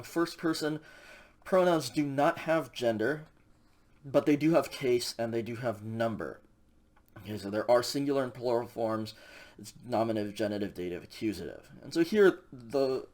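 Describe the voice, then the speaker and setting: Relaxed man lecturing with many ums. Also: medium pitch. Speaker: Greek instructor. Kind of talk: recorded classroom lecture.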